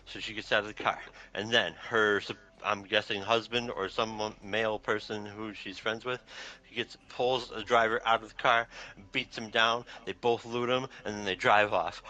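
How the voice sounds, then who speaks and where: A man hosting a casual talk show, rambling through an animated retelling with lots of fillers. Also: fairly low pitch, moderate pace. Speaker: podcast host. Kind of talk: casual chat. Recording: dull lo-fi sound.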